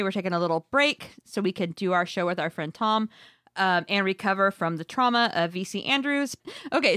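A woman's voice: mid-range voice, fairly bright tone, clear, resonant tone, no echo, clean studio sound. A woman co-hosting a casual podcast chat, upbeat and laughing often. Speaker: podcast co-host.

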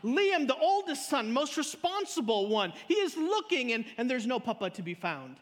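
A pastor preaching a sermon live, telling stories in an animated way, repeating words and swinging between loud and soft. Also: male voice, extremely high pitch, normal speed. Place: church auditorium. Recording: live in a church hall with long reverb.

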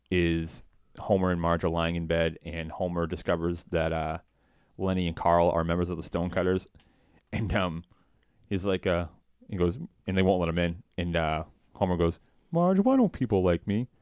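A man co-hosting a podcast, chatting casually and rambling, breaking into excited quotes of cartoon lines. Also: low voice, smooth, no echo, clean studio sound. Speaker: podcast co-host. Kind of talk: casual chat.

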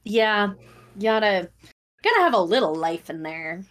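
A woman's voice: mid-range voice, animated, normal speed, a bit bright. Wry woman co-host chatting. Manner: wry, joking asides. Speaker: podcast co-host. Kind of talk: casual chat.

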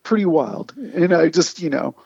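A man, a comic artist, telling animated anecdotes in casual conversation and acting out the people he quotes. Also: a little high, moderate pace, vocal fry, husky, no echo, highs cut off. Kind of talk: casual storytelling.

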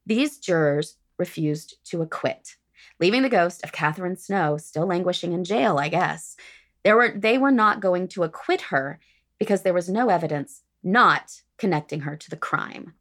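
A woman's voice: on the low side, animated, normal speed, a bit bright. A woman podcast host reading a prepared history segment with dry, sardonic asides.

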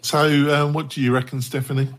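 A man's voice: mid-range voice, little pitch movement, fast, slight background noise. Male host, mid-range voice, questioning and tentative, passes the talk around. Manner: questioning, hedging, turns the discussion over to others. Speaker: podcast host. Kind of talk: casual panel discussion.

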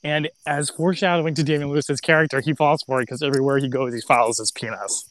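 A man's voice: medium pitch, fairly even intonation, fast, fairly bright tone. Man recapping a show with friends: rambling, sarcastic, full of restarts, with faint hiss under the voice. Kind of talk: casual chat recapping a show.

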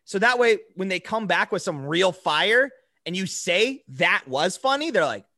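A man's voice: high voice, a little slow, dry recording, studio quality. A young man co-hosting a podcast, ranting casually with lots of profanity and laughter. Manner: profane, animated rants with frequent laughs. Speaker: podcast co-host. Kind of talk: casual chat.

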